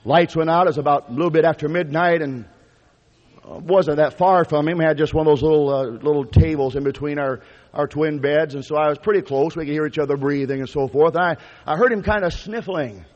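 A man's voice: fairly high pitch, fairly quick, a little mellow. A man preaching a sermon, telling a story in a folksy, conversational way with frequent restarts. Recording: lo-fi recording with long hall reverb.

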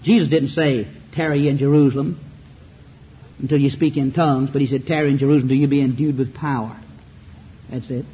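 With a Southern US accent, a man preaches a fiery sermon packed with rhetorical questions and mocking asides. His mid-range voice is slightly rough, a little fast, and fairly even in intonation. The recording is muffled, with faint background hiss.

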